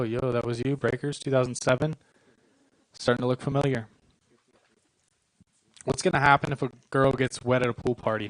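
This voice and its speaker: A man's voice: medium pitch, dry recording, poor audio. Dry-voiced young man doing stand-up. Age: 20s. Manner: deadpan, self-deprecating delivery with short punchlines. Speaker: stand-up comedian. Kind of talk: stand-up comedy set. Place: comedy club stage.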